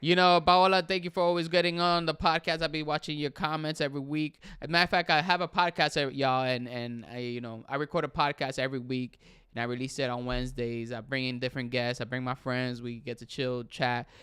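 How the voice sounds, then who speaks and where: A man's voice: mid-range voice, flat delivery, fast talker, hardly any pauses, pushed and bright, smooth, dry recording, clean studio sound. A young man hosting a casual livestream, chatting with viewers and reading their comments, switching between English and Spanish. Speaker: livestream host.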